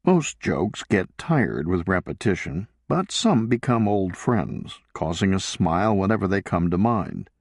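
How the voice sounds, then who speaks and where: A man reading a novel aloud as an audiobook narrator, in a measured, deliberate way. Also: deep voice, very animated, creaky, slightly rough, no room sound, studio quality. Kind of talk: scripted narration.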